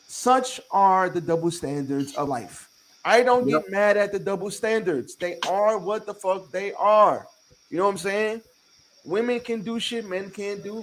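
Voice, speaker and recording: A high-pitched man in poor audio hosts a podcast in casual conversation. He speaks emphatically, swears a lot, and repeats his points as he lectures his listeners.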